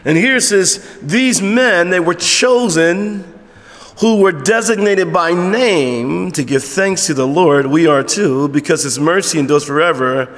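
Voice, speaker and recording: A man's voice: high-pitched, a little slow, fairly bright tone. A man preaching a sermon to his congregation as their pastor, emphatic and conversational, with frequent rhetorical questions. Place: church sanctuary with congregation. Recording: long hall reverb in a church.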